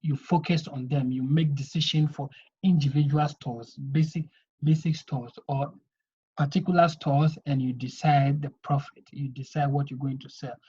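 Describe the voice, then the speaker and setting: A man's voice: fairly high pitch, fairly even intonation, moderate pace, dark tone, a little hiss or hum. A man teaching an accounting lesson, explaining step by step and often checking in with "okay?". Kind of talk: video lesson lecture. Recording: dull lo-fi recording.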